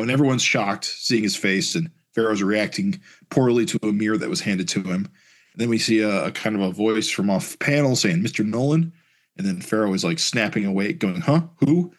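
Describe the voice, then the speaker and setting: A man co-hosting a podcast, reading comic narration aloud in a casual, halting way with fillers and restarts. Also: fairly low pitch.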